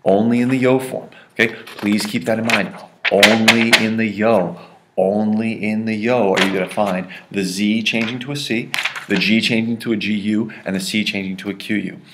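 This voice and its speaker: A man with a fairly low voice explains grammar in a playful, jokey lesson. He keeps checking in with his students, ending point after point with "right?" or "okay?". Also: steady tone, normal speed, heavy background noise. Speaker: Spanish teacher. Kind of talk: recorded classroom lesson.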